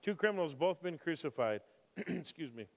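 A man preaching a sermon who moves from calm scripture reading to impassioned, emphatic preaching with repeated phrases. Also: a little high, normal speed, vocal fry. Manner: emphatic repetition. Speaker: pastor. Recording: long hall reverb.

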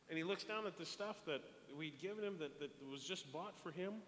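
A man preaching a sermon, telling a story in an animated way and repeating words as he goes. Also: fairly high pitch, a little fast, hardly any pauses. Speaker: pastor. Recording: echoey hall, long reverb, faint hiss.

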